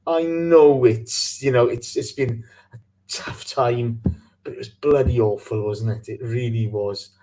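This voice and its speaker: A man hosting a live fan podcast, rambling and animated, breaking into sweary rants. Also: mid-range voice, a little slow. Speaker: podcast host.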